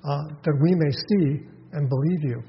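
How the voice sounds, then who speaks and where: A man with a fairly high voice preaching a sermon in a church hall, telling scenes with lively voiced asides and frequent restarts. The sound is dull and lo-fi, with a long reverb trailing each phrase and a faint hiss underneath. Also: gravelly. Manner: animated retelling with quick voiced asides and many restarts. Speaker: pastor.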